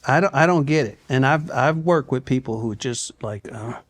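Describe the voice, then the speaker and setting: Older man, halting laid-back talk. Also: medium pitch. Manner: halting, repeats words, quotes himself in hushed asides. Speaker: guest. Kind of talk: relaxed interview talk.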